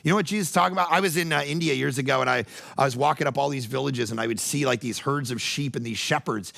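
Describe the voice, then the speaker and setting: Male pastor, conversational sermon, high voice, gravelly edge, lively storytelling.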